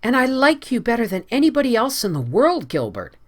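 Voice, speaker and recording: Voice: very animated, normal speed. A reader voicing an imaginative, emotional young woman in an audiobook, speaking in a raised, pleading way. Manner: breathless, pleading, high-strung. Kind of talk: audiobook character voice.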